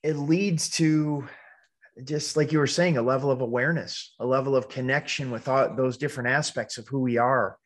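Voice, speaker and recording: A man's voice: medium pitch, steady tone, moderate pace. A man hosting a casual podcast chat, speaking in a reflective, hesitant way with many restarts.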